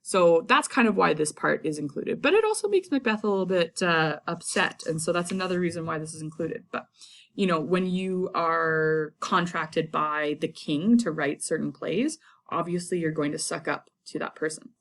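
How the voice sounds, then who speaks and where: A woman's voice: sits low, lively intonation, normal speed, fairly bright tone. A woman teaching a lesson in a chatty, casual way, retelling the story in everyday slang. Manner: chatty, paraphrases characters in slang.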